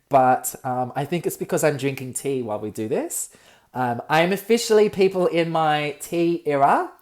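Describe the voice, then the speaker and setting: A young Australian man hosting a solo comedic podcast, campy and expressive, ranting and swearing freely. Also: a little high. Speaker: podcast host.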